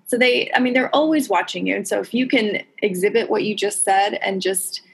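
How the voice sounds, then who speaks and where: A woman's voice: medium pitch, a little fast, creaky, husky. A woman hosting a casual interview, talking in an encouraging, effusive way. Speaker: host.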